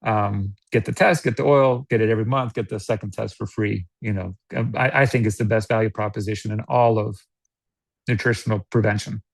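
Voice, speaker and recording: An American man giving casual sales coaching, animated, laughing often and acting out customer dialogues. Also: lowish voice, brisk, creaky, no room sound. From United States. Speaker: network marketing guest.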